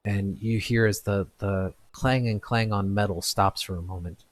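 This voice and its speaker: A man narrating a tabletop game as game master, describing scenes in a halting, descriptive way. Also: on the low side, fairly even intonation, no echo.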